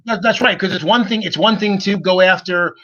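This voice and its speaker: A man's voice: high voice, brisk, fairly bright tone. A man co-hosting a casual panel podcast, talking earnestly and often repeating words as he starts a thought. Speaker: podcast co-host. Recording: dull lo-fi audio.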